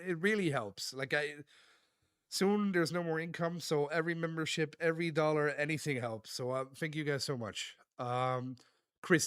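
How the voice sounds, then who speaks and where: A man live-streaming, reading chat aloud and thanking viewers in a relaxed, laughing manner. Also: fairly high pitch, clear, resonant tone, no echo, clean studio sound. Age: adult.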